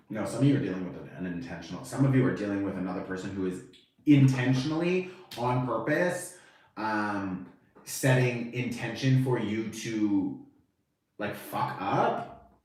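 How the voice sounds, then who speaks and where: A man giving a casual, animated tarot reading to camera, chatty and swearing now and then, acting out the reactions he quotes. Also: fairly low pitch, measured pace, recorded from a distance. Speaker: tarot reader. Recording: very echoey room, voice off-mic.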